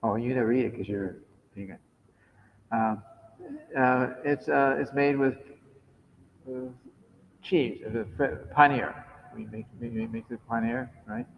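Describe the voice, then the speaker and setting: A man reading aloud and chatting informally at a temple, halting and restarting when he talks freely and growing louder as he reads. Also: mid-range voice, vocal fry, a little hiss or hum. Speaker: temple devotee reading to a group. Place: temple hall. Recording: dull lo-fi recording in a long-echo hall.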